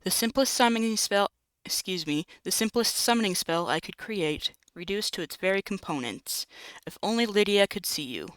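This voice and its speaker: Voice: mid-range voice, moderate pace, smooth, no echo, natural voice. A performer voicing a short, tired but eager witch who fusses over her new creation, read aloud from a text game. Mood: doting. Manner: fussy, doting, excitable.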